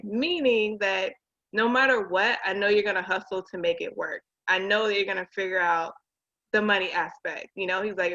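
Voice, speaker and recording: A woman's voice: medium pitch, fairly quick, dull audio. A woman in her thirties, a realtor and business owner, chatting casually and acting out the people she quotes. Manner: animated storyteller acting out quotes. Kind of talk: casual conversation.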